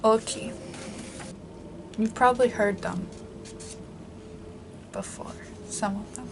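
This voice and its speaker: Woman talking to her camera, slow and easygoing, kinda high voice, lots of likes, faint hum behind. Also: vocal fry. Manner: chatty, rambling with many likes. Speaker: vlogger. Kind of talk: casual chat and reading aloud.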